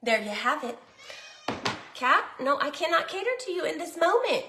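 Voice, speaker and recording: Bubbly high-voiced Southern woman cooking. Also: very animated, moderate pace, pushed and bright, echoey room, slight background noise. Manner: chatty, bubbly, talks while cooking. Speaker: cooking vlogger. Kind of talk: casual cooking chat. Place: home kitchen.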